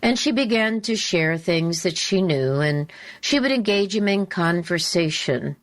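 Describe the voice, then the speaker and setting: A woman talk show host telling a story in a slow, deliberate, emphatic way, repeating her key phrases. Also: fairly low pitch, animated. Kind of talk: storytelling monologue.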